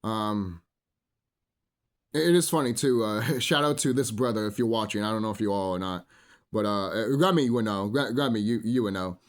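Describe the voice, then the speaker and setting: A man's voice: lowish voice, moderate pace. A man ranting in a solo monologue, profane and rambling, full of fillers, preaching to his listeners as brothers and sisters. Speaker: vlogger.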